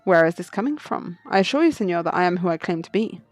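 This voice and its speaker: A woman's voice: on the low side, animated, fast, soft background music, natural voice. A woman voicing a suave male fox fugitive who speaks in a poised, riddling storyteller manner. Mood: cryptic.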